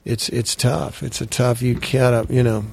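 A man's voice: mid-range voice, level tone, normal speed, vocal fry, a little mellow. Stammering middle-aged man telling stories. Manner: stammering repeats of words while telling stories. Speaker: actor guest. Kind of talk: casual conversational storytelling.

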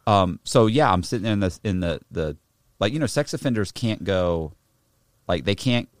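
A man casually telling a rough story, swearing a lot and acting out the other people in it. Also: on the low side, normal speed, dry recording, studio quality. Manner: profane, animated, acts out other people's voices. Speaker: guest telling a prison story.

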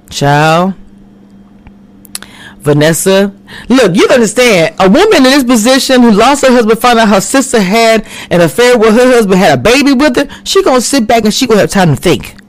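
A woman giving a casual recap of a TV drama, animated and quick to act out the characters' lines. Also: mid-range voice. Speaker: TV recap reviewer. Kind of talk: casual chat. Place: home, recording a live stream.

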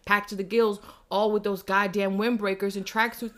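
Brash New woman, podcast host, bright voice, swears freely, animated rants. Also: mid-range voice, moderate pace. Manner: brash, profane, animated storytelling. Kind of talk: casual chat.

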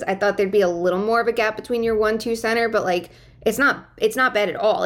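An eager woman gives quick hockey analysis with frequent "like" fillers. She joins the show over a video call. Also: mid-range voice. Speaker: co-host analyst. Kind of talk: casual sports chat.

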